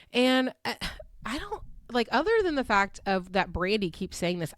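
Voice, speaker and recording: In studio-quality audio with no echo, a podcast host speaks in a voice on the high side while recapping a reality show. She keeps the chat casual and animated, laughing often and voicing quotes in shifted tones.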